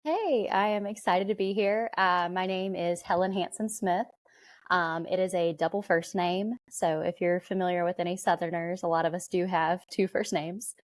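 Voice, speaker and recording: A young woman with a Southern twang tells her own story candidly and conversationally. Her voice sits a little low for a woman. The sound is dry and close, with no room echo. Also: moderate pace. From southern Alabama, USA. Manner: candid storytelling, light laughs. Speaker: podcast guest. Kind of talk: conversational interview.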